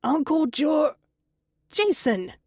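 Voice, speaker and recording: A woman voicing an exasperated, stern mother who scolds her son in a raised, sharp voice, in an audiobook. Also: high voice, lively intonation, moderate pace, no echo, clean studio sound, pitched above the performer's own voice. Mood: scolding. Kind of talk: audiobook character voice.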